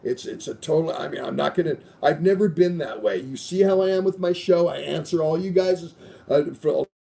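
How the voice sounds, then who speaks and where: A man's voice: a little high, fairly quick, gravelly, mellow. A middle-aged man hosting a casual podcast, rambling loosely through sponsor reads with plenty of swearing. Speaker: show host.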